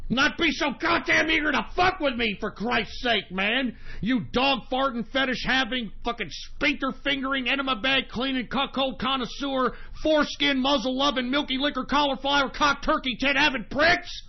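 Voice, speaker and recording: A man hosting an internet radio show in a furious, profane rant, cursing constantly and swinging from screamed outbursts to low grumbling while drinking beer. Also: moderate pace, vocal fry, hardly any pauses, lo-fi sound. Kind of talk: angry profane on-air rant.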